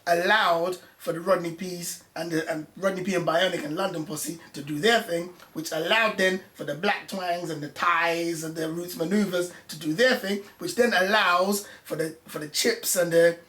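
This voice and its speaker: A man talks as a guest, recalling his years as a music journalist in a casual conversation. He tells it with animated passion. The room around him rings with echo. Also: sits high, normal speed, few pauses.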